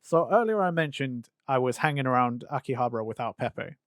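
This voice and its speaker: A young man from England co-hosting a podcast, telling an anecdote in a quick, wry casual way. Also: medium pitch, expressive, no echo, studio quality. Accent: English. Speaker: podcast co-host. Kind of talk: casual storytelling.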